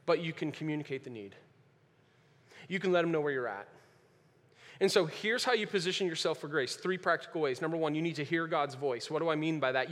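A man preaching a sermon to his congregation, moving from quiet earnest passages to loud emphatic ones and repeating key phrases. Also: on the high side. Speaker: pastor. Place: church sanctuary. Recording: long reverb of a large hall.

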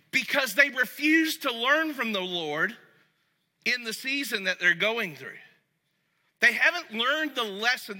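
A man preaching a sermon as pastor, talking to the congregation conversationally and going soft and low when he reads scripture. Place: church sanctuary. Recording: long reverb of a large hall.

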